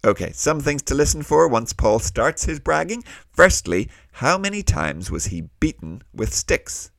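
A man's voice: mid-range voice, very animated, measured pace, creaky, fairly bright tone, no echo, clean studio sound. A man hosting a children's Bible lesson, explaining in a friendly way with questions. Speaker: host.

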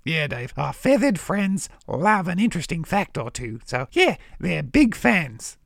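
A man's voice: a little high, sing-song, a little slow, gravelly, a bit bright, no echo, clean studio sound, pitched above the performer's own voice, exaggerated voice. A man voicing a brash, jokey male crow with a put-on Australian accent in a children's podcast. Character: bright orange male crow with Australian bluster. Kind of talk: children's podcast puppet comedy.

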